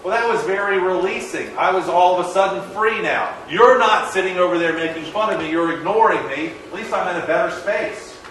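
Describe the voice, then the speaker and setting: A middle-aged man from the American South giving a motivational talk, telling a story in a lively way and acting out the dialogue. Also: sits high, brisk, few pauses, slight background noise. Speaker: motivational speaker. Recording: echoey hall, distant mic.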